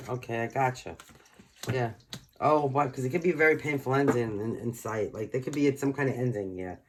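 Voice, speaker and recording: A man's voice: medium pitch, background noise. A man giving a casual tarot reading, chatty and reassuring, with many fillers. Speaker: tarot reader.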